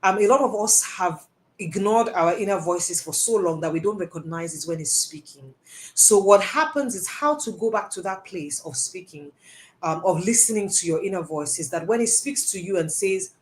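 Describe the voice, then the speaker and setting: A woman's voice: mid-range voice, expressive, normal speed. A woman giving a live talk, answering audience questions in an earnest, emphatic way and repeating phrases for stress. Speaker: personal development speaker.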